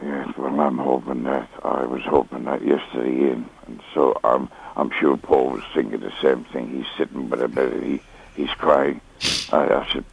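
An older man on a radio call-in talks haltingly, circling back on his words. His voice sits very low with a husky, gravelly grain. The line is dull and muffled. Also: fairly even intonation, darkish tone. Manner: halting, heartfelt, repeats himself. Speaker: caller. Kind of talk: emotional phone-in call.

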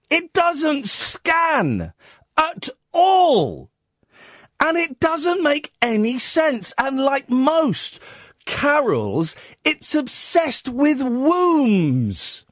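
A male radio host works through a comic monologue, incredulous and mock-outraged, humming snatches of tunes along the way. His voice leaps about wildly in pitch while he takes his time over the words. The studio sound is dry and close. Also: fairly bright tone, no room sound. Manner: sings and hums snatches of tunes.

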